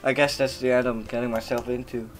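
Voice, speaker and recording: An unsure teenage boy narrating his day at school, read aloud by a man. The voice stays at a middle pitch, plain and subdued, with no strong acting. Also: level tone, fast, close to an everyday voice. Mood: uneasy. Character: nervous, self-doubting teenage boy student. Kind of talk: reading visual novel narration aloud.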